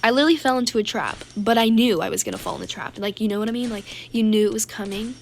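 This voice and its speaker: A woman's voice: a little high, fast, creaky, a little hiss or hum. A woman telling a casual storytime vlog about a game, chatty and filler-heavy, acting out the dialogue she quotes. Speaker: gaming YouTuber.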